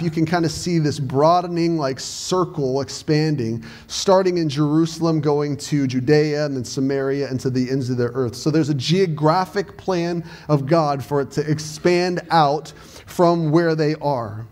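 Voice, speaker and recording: A man's voice: a little high, moderate pace, a little mellow. A male pastor with a Southern US accent, preaching a sermon with earnest emphasis that swells at times. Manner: earnest preaching, rising to raised emphatic passages.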